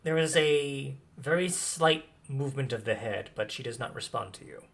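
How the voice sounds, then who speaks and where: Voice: medium pitch, moderate pace, vocal fry. Patient tabletop game master. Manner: descriptive, patient, explains rules.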